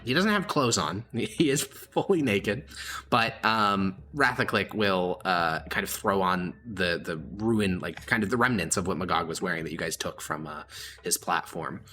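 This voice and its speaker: A man's voice: sits low, pushed and bright, a little hiss or hum. A young man narrating as game master in a casual, hesitant way with many fillers.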